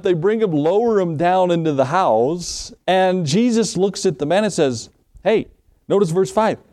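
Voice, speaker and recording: Preacher guy giving a morning sermon, kinda high voice, chatty storytelling, throws questions at the crowd. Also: a little mellow. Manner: folksy storytelling, acts out voices, asks the congregation questions. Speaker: pastor.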